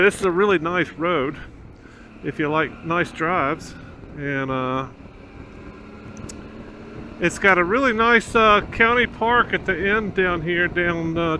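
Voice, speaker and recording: On a country road outdoors, a motorcycle vlogger talks through his helmet mic in rambling, casual ride-along commentary packed with fillers. His voice sits high with a sharp tone, and there's slight background noise.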